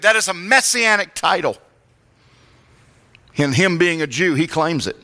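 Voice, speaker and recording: A man preaching a sermon, praying and reading scripture, rising to loud impassioned calls. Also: on the high side, expressive, moderate pace, pauses often. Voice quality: glasses-wearing reader of scripture. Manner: rises to loud impassioned calls when quoting.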